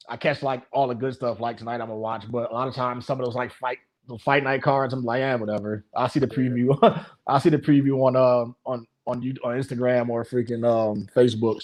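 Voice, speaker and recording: This fighters' coach has a medium-pitched, slightly mellow voice. On a relaxed podcast, he spins stories in a rambling way, leaning heavily on filler words.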